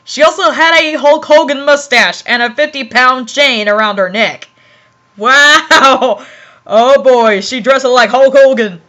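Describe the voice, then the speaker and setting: High, bright, giggly woman reading fan fiction. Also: measured pace. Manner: giggly, laughs often, stumbles over words.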